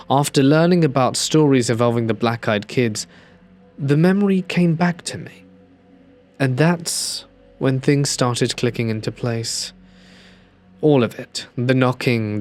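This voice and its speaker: A man reading a first-person horror story aloud in a measured, hushed storytelling voice. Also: mid-range voice. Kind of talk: scripted narration.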